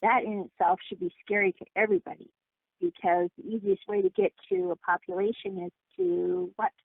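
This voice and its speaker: A woman guest on a call-in talk show, telling her story in an animated, emphatic way over the phone. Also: medium pitch, normal speed, dry recording. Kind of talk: casual phone interview. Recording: tinny phone line.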